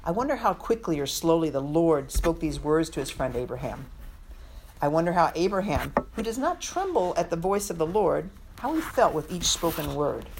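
A woman's voice: deep voice, very animated, moderate pace, background noise. A woman teaching a women's Bible study, earnest and reflective, acting out the scripture quotes as she goes.

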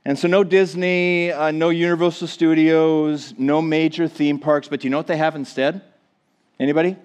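A man's voice: on the high side, level tone, moderate pace, darkish tone, clear, resonant tone. Casting: forties male pastor, Minnesotan accent, folksy and self-mocking, chatty sermon delivery. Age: 40s. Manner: joking, self-deprecating, chatty with many fillers. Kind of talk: casual sermon to a congregation.

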